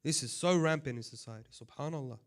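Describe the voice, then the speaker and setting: A man who is a sheikh giving a conversational sermon, swinging between loud impassioned appeals and quiet asides. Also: medium pitch, quick pace. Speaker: sheikh giving a religious talk.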